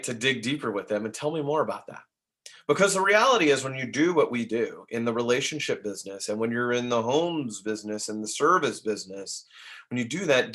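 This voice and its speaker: A man giving an energetic real estate sales training talk, tossing in tag questions and quick laughs as he goes. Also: mid-range voice. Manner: energetic, acts out dialogue in quick asides.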